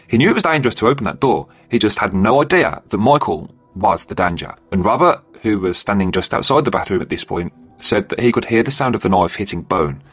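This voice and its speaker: Low, husky man telling true crime. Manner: blunt, swears openly, indignant asides.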